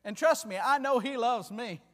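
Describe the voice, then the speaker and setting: A man preaching a fervent sermon, repeating words and swinging between loud declarations and hushed asides. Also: very high-pitched, normal speed, big-room sound.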